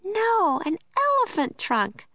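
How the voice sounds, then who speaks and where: A woman reading a children's storybook and voicing an eager, brave little girl with a high, excited voice. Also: slow pace, no echo, exaggerated voice. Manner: excited, bubbly.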